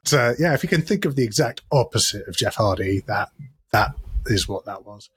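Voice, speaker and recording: A man's voice: fairly low pitch, animated, brisk, slightly rough. A man co-hosting a podcast, chatting enthusiastically and jokily. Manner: enthusiastic, jokey, quotes catchphrases. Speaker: podcast co-host. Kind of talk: casual podcast chat.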